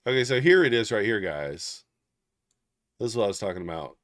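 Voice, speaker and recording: A man's voice: on the low side, big pitch swings, fairly quick, fairly bright tone, no echo, clean studio sound. A man hosting a live trading stream, thinking aloud in casual, half-murmured commentary. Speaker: trading livestream host.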